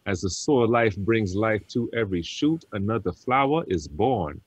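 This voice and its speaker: A man's voice: lowish voice, animated, moderate pace, breathy edge, no echo, low-quality recording. A man who is a guest on a podcast, reciting a spoken-word poem in a rhythmic, rhyming delivery.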